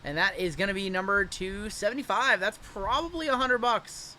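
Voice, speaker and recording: Opening packs on a live card break, this host keeps up chatty, energetic talk and jumps on every pull. His voice is bright, forceful, and slightly high, over a faint hum of ambient noise.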